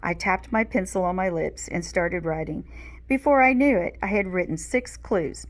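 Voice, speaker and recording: A woman reading a children's book aloud in a slow, expressive storytelling manner. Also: lowish voice.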